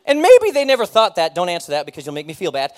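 Man, 30s, pastor; high voice, candid self-deprecating testimony with easy laughs. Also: huge pitch swings, fast talker, darkish tone. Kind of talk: personal testimony sermon.

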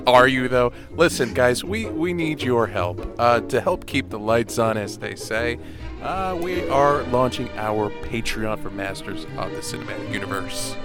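Male co-host, mid pitch, crude joking promo read, music under it. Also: expressive, a little slow. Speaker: podcast co-host. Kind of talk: casual podcast promo pitch.

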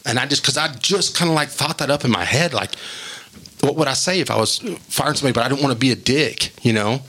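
A man telling a rambling, animated story in casual chat as a podcast co-host, acting out quotes as he goes. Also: medium pitch, quick pace.

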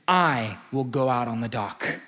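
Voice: mid-range voice, expressive, a little slow, pushed and bright, pitched below the performer's own voice. A preacher playing a stubborn defiant fish. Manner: defiant, insistent.

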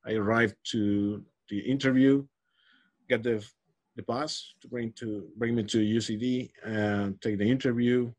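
A man's voice: medium pitch, steady tone, measured pace, a little mellow. A man in his forties from Galicia, Spain, a Spanish speaker with a Spanish accent, talking in a casual interview, laughing often and restarting his sentences. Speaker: interviewee, researcher.

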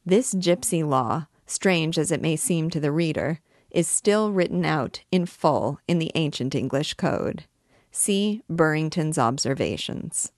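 A woman narrating a classic novel as an audiobook, in a measured, even storytelling manner. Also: low voice, no room sound, clean studio sound.

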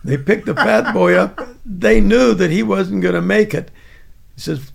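A man's voice: high voice, lively intonation, a little slow, gravelly. An older man casually telling a rambling, chuckling anecdote from his army days. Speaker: veteran storyteller.

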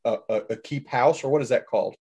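A man at a tabletop game, talking casually and tripping over his starts as he works out what he means. His pitch sits in the ordinary middle range. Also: mellow, breathy edge. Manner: halting, stops and restarts mid-thought. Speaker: player.

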